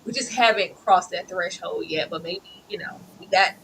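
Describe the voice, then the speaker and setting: Chatty, animated co-host; bright higher woman's voice, light hum on the line. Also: moderate pace, poor audio. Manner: animated, acts out characters in big high bursts. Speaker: TV review podcast co-host. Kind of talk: casual TV recap chat.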